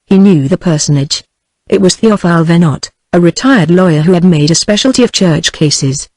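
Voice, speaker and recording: A text-to-speech woman's voice with a British accent, reading a classic novel in an even, measured way. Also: fairly low pitch, dry recording. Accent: British English. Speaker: audiobook narrator. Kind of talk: synthetic audiobook narration.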